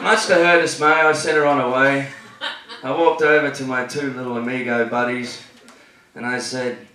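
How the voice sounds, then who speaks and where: A man's voice: medium pitch, fairly even intonation, moderate pace. A man with an Australian accent doing a stand-up set at a comedy club, telling cheeky, swear-filled stories. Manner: cheeky, swears a lot, tells story jokes. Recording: echoey club, distant mic, noisy.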